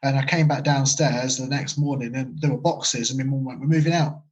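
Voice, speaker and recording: British male guest, 30s, casual rambling storyteller, mid pitch, dull lo-fi sound. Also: steady tone, moderate pace. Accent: British English. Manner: casual, rambling anecdotes with many fillers. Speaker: guest, medium. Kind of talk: storytelling interview. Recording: muffled lo-fi audio.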